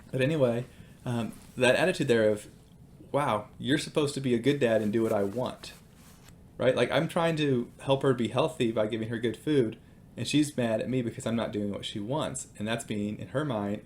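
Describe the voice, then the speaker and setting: A man's voice: mid-range voice, a little hiss or hum. A man in his thirties giving a casual devotional talk, telling stories about his children in a conversational way with fillers. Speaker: Christian speaker.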